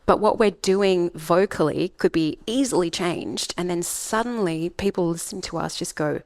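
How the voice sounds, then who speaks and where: Australian woman, speaking coach, lowish pitch, dry studio sound, emphatic. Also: normal speed, darkish tone, dry recording. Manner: emphatic, acts out example voices. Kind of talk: podcast interview.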